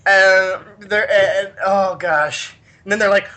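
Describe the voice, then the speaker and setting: A young man hosting a podcast, telling a rambling story in an excitable, giggly way. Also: high-pitched, slow. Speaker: podcast host. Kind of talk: casual storytelling chat.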